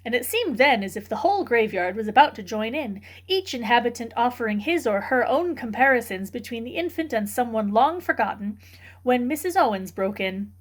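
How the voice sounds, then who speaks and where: A woman reading a novel aloud for a book club, in steady, clear storytelling narration. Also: on the high side, fairly quick.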